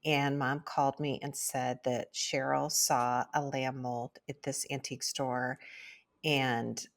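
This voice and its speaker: Low-voiced chatty woman co-host. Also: little pitch movement, takes it slowly, creaky. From Midwest. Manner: chatty storyteller. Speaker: podcast co-host. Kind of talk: casual chat.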